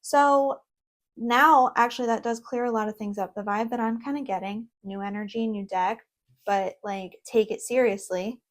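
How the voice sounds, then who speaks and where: A young woman in a casual vlog, reviewing an oracle deck at home, reading card meanings aloud between excited, chatty asides and laughs. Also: on the high side, moderate pace. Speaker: tarot content creator. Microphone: own microphone.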